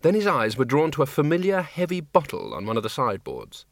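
A man narrating an audiobook in a dry, measured comic reading. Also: on the high side, wildly swooping pitch, no echo. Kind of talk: scripted narration.

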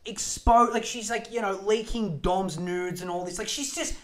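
A young man on a podcast, rambling animatedly with frequent swearing and self-interruptions. His delivery is loose and chatty, jumping between loud outbursts and mutters. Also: high-pitched, fairly even intonation, normal speed. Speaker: podcast host. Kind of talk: casual ranting chat.

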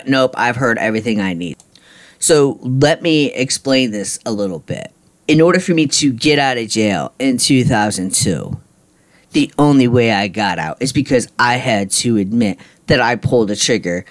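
Blunt, frustrated man telling his story. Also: mid-range voice. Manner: frustrated, ranting, blunt with swearing. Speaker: podcast host. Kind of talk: personal storytelling monologue.

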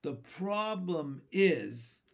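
A gloomy blind earthworm grumbles that everything will end in disaster, as a man reads it aloud. The storybook voice is pitched up and lively, dragging out each complaint. It speaks loudly and slowly. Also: creaky, heavily acted. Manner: complaining, doom-laden.

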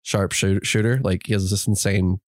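A fairly low-voiced man co-hosting a casual podcast. He rambles through movie plots and laughs between thoughts. The recording is close and dry. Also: steady tone, brisk, darkish tone, dry recording. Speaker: podcast co-host. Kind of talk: casual chat.

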